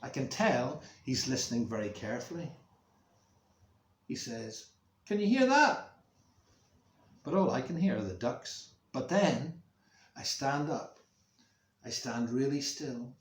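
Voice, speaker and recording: Slow, expressive man reading to kids. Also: mid-range voice. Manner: slow, expressive, making sound effects for kids. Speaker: music teacher. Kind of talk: reading a story to schoolchildren. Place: room at home near a main road, window open. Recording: roomy echo.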